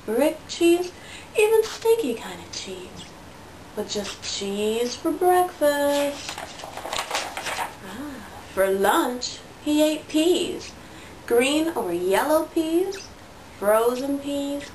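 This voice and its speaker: A woman reading a picture book aloud to her toddler in a slow, sing-song storytelling voice. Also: sits high, darkish tone, distant mic. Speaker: parent reading to her child. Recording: roomy sound from away from the mic, faint noise.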